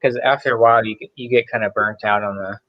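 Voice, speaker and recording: Low-voiced rambling beer-tasting guy. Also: fairly even intonation, muffled recording. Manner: rambling, unhurried descriptions. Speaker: guest beer taster. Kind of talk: casual beer tasting chat.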